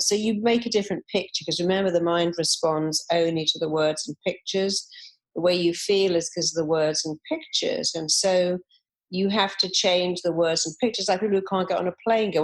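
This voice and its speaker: A woman's voice: fairly low pitch, brisk. A woman, a therapist guest in an interview, telling stories and acting out the voices of people she quotes. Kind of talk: conversational interview.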